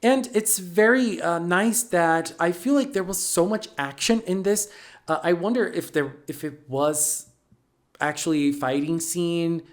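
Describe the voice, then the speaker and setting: A channel host giving a casual, chatty recap of an anime episode, playful and lively, with sassy asides. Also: mid-range voice, unhurried.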